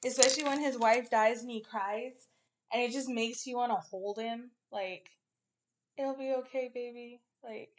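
Woman podcast co-host, higher voice, giggly and animated in casual chat. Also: normal speed. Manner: giggly, animated, jumps between topics.

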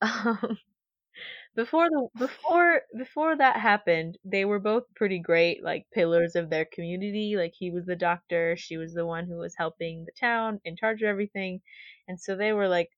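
A woman's voice: medium pitch, normal speed, no echo, highs cut off. A young woman co-hosting a casual book podcast, chatty and rambling, sounding tired. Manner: chatty, rambling, laughs often. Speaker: podcast co-host. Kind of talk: casual book-discussion chat.

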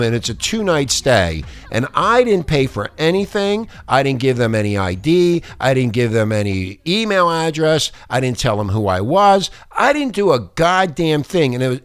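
A man with a high, swooping voice rants at his audience and swears freely. He climbs into outraged shouts and then drops back down to grumble. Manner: profane, indignant, shouts out in outrage. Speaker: host. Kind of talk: ranting monologue to viewers.

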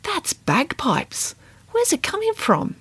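A woman voicing a deadpan joking mum. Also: sits high, slow, no room sound, voice pushed up, full character voice. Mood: wry. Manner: deadpan, playfully absurd reasoning. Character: dry-witted joking middle-aged mother. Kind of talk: storybook read-aloud.

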